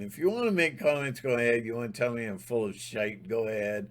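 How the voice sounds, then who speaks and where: A man's voice: mid-range voice, lively intonation, brisk, few pauses. A man giving a rambling, emphatic spiritual monologue, sometimes breaking into mocking mimicry. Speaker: spiritual vlogger.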